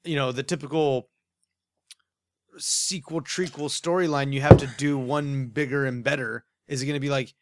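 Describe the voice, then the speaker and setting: A man's voice: medium pitch, fairly even intonation, moderate pace, very noisy. A man co-hosting a casual movie podcast, trading sarcastic teasing banter. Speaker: podcast co-host.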